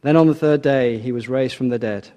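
Earnest and measured, a male preacher gives a sermon in a warm, mellow, mid-range voice. When he reaches the important lines, he eases his pace to let them sink in.

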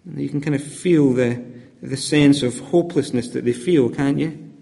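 A man's voice: mid-range voice, moderate pace, vocal fry, mellow. A man preaching a sermon in a conversational, hesitant way, often repeating words and using fillers. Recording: long hall reverb.

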